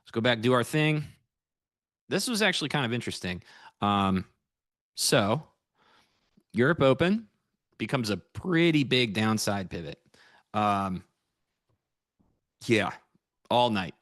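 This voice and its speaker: Speaking slowly in a sing-song way with long pauses, this US futures trader reviews his trades on a relaxed livestream and rambles to viewers. The mid-range, slightly bright voice is recorded clean in a studio, without echo.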